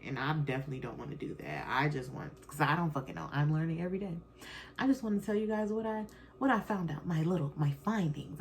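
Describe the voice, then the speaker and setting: A woman's voice: low-pitched, a little mellow, a little hiss or hum. A woman hosting her own podcast, a mother talking candidly and rambling a bit, with fillers and self-corrections. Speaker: podcast host; mother of children. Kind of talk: casual solo podcast chat.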